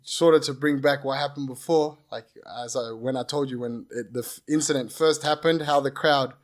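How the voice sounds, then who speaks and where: A young man, telling his story as a podcast guest in an animated, swearing way. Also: medium pitch, normal speed. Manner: animated, swearing, repeats phrases. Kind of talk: casual storytelling.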